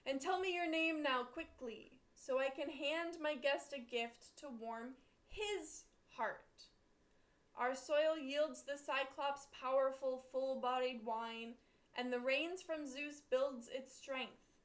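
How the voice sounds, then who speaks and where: A woman's voice: high-pitched, takes it slowly. A woman reading as a greedy, demanding giant. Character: huge greedy one-eyed male giant.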